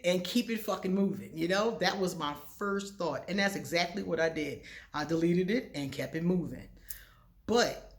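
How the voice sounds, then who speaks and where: A woman vlogging in a casual chat to the camera, animated and confiding, laughing often as she talks to her viewers. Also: on the low side. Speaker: spiritual vlogger.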